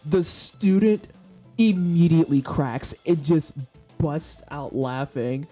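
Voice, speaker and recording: A woman in her thirties chats with her viewers in a relaxed, mellow voice. She tells her stories bluntly and candidly and swears without a second thought. Faint music plays low behind her desk microphone. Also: slow pace. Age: 30s. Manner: blunt, profane, candid storyteller. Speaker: streamer chatting with viewers. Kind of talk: casual chat. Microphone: desk microphone for headphone listeners.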